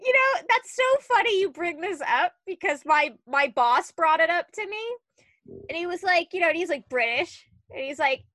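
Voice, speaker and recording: A woman in her twenties co-hosting a podcast, telling stories in a chatty, animated way with lots of "like"s. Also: very high-pitched, normal speed, no echo. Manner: chatty, animated storytelling with many "like"s. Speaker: podcast co-host. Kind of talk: casual chat.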